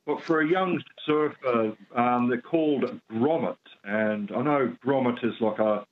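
Halting male caller on a muffled line. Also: mid-range voice, slight background noise. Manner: halting, searching for words. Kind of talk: radio call-in.

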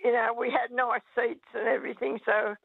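An older woman phoning in to talkback radio, speaking gently and a little hesitantly. Her high voice is husky and creaky, and it comes through a tinny phone line. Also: level tone, brisk, no room sound. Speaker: caller.

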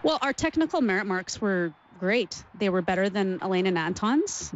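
A woman from Canada in her forties, a former figure skater giving an interview and telling her story in an animated, emotional way. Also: medium pitch, normal speed, dull audio, a little hiss or hum. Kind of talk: interview recollection.

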